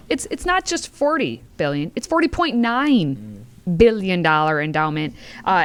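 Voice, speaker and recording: A woman hosts a casual political chat. Her voice is lively and swoops up and down. She sums up news stories in an animated way and laughs freely with her co-host. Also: medium pitch.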